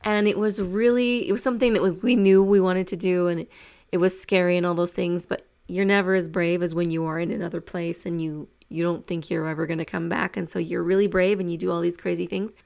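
A young woman telling a personal travel story in a chatty, animated way, full of fillers and restarts. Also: lowish voice, brisk, gravelly.

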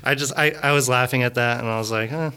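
Bright-voiced man in rambling casual chat. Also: medium pitch, steady tone, quick pace, smooth. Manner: rambling, self-interrupting, laughs often. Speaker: podcast co-host reviewing a film.

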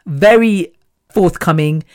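Woman solo podcaster; loose, chatty monologue, quick laughs throughout. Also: fairly low pitch, darkish tone. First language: Punjabi. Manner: chatty, rambling, laughs often. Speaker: podcast host. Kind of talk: casual solo chat.

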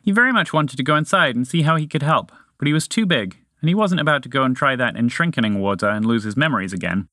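A man reading a children's story aloud in a lively storytelling manner. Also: medium pitch, quick pace, few pauses, no room sound, clean studio sound. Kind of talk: scripted narration.

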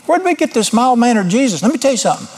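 Male preacher, middle-aged, fairly high husky voice, folksy, blunt, self-deprecating sermon delivery. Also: very animated, rapid-fire, darkish tone. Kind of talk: informal sermon.

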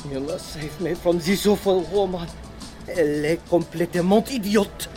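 A woman's voice: fairly low pitch, unhurried, warm tone, faint music behind, voice pushed down, lightly acted. A woman reading an audiobook, voicing a haughty, weary male museum curator with a put-on French accent.

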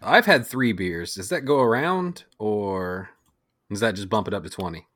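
A man hosting a casual podcast, full of jokes and quick laughter. His voice is bright and lively, swinging up and down. The close mic keeps it dry. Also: fairly low pitch, no echo.

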